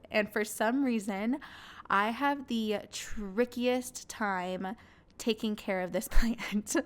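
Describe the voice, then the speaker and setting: Candid young woman hosting a podcast. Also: mid-range voice. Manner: candid and earnest, laughing now and then. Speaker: podcast host. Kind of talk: personal podcast monologue.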